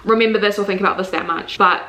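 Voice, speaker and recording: A young woman with a New Zealand accent talks through her monthly reads in a loose, candid way, peppering her speech with fillers and the odd swear. Her voice sits at an ordinary middle pitch and rings a little in a roomy space. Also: fairly even intonation, fast, sharp tone. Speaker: book reviewer. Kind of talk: casual book review vlog.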